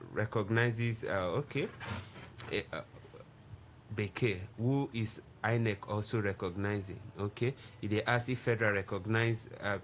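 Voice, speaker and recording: Man, Nigerian accent, radio co-host, reading texts aloud, pidgin asides, bright tone, faint hiss. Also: lowish voice. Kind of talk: radio phone-in talk.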